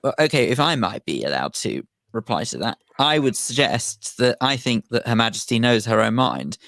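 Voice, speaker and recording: A man, co-hosting a radio show in a polite, measured, well-spoken way. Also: medium pitch, very animated, vocal fry, fairly bright tone, dry recording. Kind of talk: casual studio banter. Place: radio studio. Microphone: studio microphone.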